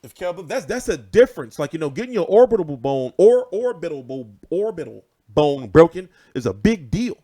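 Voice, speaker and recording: A man's voice: a little high, moderate pace, few pauses. A man hosting casual boxing commentary, ranting with lots of swearing and repetition. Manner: animated, profane, repeats himself.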